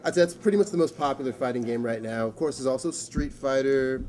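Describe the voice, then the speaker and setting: A man chatting casually on a podcast, relaxed and full of fillers as he announces an event. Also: mid-range voice, fast talker. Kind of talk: casual chat. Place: comic and game shop.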